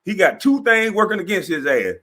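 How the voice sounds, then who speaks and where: A man's voice: high-pitched, sing-song, fairly quick, sharp tone. A man in his forties, a former basketball player, ranting in a mocking, profane way, laughing as he talks and acting out the people he quotes. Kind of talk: animated profane rant.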